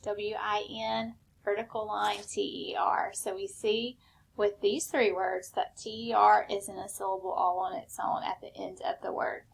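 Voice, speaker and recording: Patient woman teacher with gravelly voice. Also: medium pitch, flat delivery. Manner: slow, patient step-by-step instruction. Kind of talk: recorded spelling lesson.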